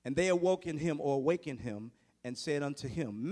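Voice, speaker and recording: A man preaching a sermon, building from hushed tones to shouting, firing rhetorical questions at the congregation. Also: fairly high pitch, expressive, brisk. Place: large church sanctuary. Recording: long reverb of a church hall.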